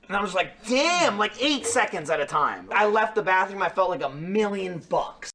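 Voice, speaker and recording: Podcast regular, a man: lively pitch, bright tone, rambling comic storyteller. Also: creaky, slight background noise. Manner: animated, laughing, swearing, full of "like" and "dude". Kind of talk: casual storytelling chat.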